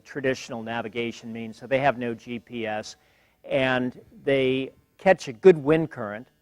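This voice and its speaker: An older man giving a university guest lecture in a measured, wry way, pausing often with fillers. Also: medium pitch, dry recording. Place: lecture hall.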